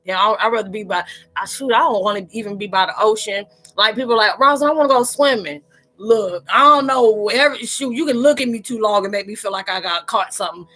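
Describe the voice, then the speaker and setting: A woman's voice: medium pitch, fast talker, fairly bright tone. A woman hosting a live chat, joking around playfully and talking straight to her viewers in slangy, casual speech.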